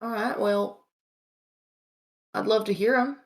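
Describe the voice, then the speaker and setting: A woman's voice: mid-range voice, steady tone, takes it slowly. A woman voicing a curious, honest young adventurer in a put-on Southern accent, asking polite, careful questions. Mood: inquisitive. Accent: American Southern, put on.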